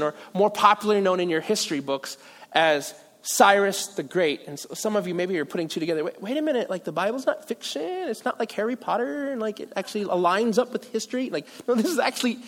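A man with a high voice preaches a sermon as a pastor, chatty and joking, poking fun at himself between points. His voice rings out with a long reverb, as if in a large hall. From Philippines. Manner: casual, joking, self-deprecating asides.

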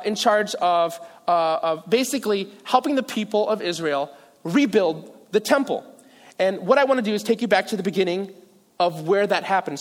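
A male pastor preaching a sermon in a casual, joking way, with self-deprecating asides. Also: sits high. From Philippines. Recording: long reverb of a large hall.

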